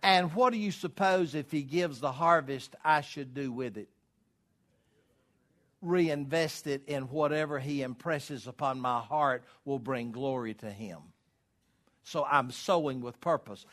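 A man preaching a sermon, asking the congregation to fill in words, swelling loud on key words and dropping low to press a point. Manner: asks the congregation questions to fill in.

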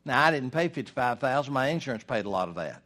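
An older man delivers a sermon in an emphatic, folksy style. His mid-range voice drives each point home and leans on dramatic pauses. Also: medium pitch, big pitch swings, a bit bright. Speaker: preacher.

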